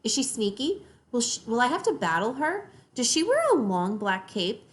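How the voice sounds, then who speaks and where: A woman doing an excitable little girl firing off questions. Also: a little high, pitched above the performer's own voice. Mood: eager curious. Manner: rapid-fire eager questioning.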